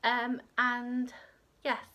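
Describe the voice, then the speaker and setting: A woman's voice: on the high side, completely flat delivery, extremely slow, sharp tone, dull audio. A woman hosting a crochet podcast from home, rambling in casual chat with lots of fillers. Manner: rambling, chatty, with many fillers.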